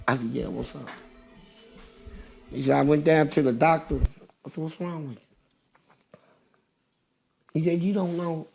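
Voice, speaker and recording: Older male interview guest, gravelly voice with a touch of fry, a bit high-pitched, loud profane storyteller. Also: steady tone, a little slow, long pauses, faint music behind.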